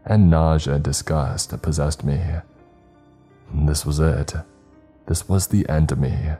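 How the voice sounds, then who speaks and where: A man narrating a first-person horror story in a steady, grave way. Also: extremely low pitch.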